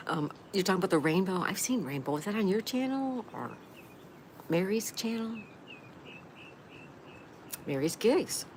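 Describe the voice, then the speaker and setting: A woman hosting a casual live stream, reading viewer comments aloud, greeting each person by name and answering with gushing exclamations. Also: low-pitched. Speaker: livestream host. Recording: noisy background ambience.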